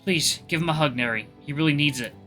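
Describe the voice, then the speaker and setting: Stern alpha wolf, read by a man, calm and commanding, bright voice, matter-of-fact lecturing. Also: fairly high pitch, fast talker, faint music behind.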